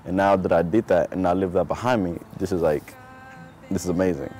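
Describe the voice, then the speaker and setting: Low, mellow-voiced man speaking haltingly. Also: steady tone, faint music behind. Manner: halting, restarts with many fillers. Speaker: former summit participant. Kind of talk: testimonial interview.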